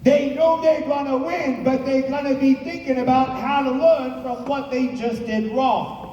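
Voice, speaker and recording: Very high-voiced man giving an emphatic motivational speech. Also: fairly even intonation, unhurried, dark tone, highs cut off, a little hiss or hum. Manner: emphatic, repetitive, rallies the audience. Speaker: motivational speaker. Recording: echoey hall, distant mic, crowd.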